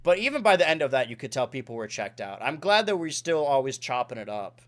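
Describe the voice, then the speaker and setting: A man's voice: medium pitch, very animated, quick pace. A man in his twenties hosting a casual podcast, rambling and correcting himself, with lots of "like". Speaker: podcast host.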